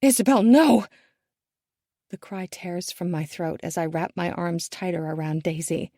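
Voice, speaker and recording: A woman narrating a first-person thriller audiobook in a measured, hushed and tense manner. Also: on the low side, little pitch movement, no room sound, clean studio sound.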